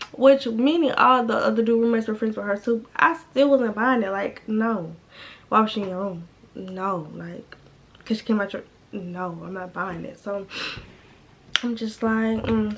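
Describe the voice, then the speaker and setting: Young woman vlogger, raspy fry, acting out quotes, bit of background hiss. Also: a little high. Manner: animated retelling with quoted voices and scat fillers. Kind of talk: casual storytime.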